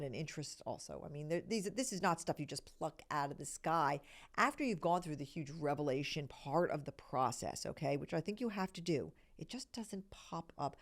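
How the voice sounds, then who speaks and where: A middle-aged woman hosting a podcast, explaining a self-discovery method in an earnest, conversational teaching manner, often checking in with "okay?" and dropping into soft whispered asides. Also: sits low.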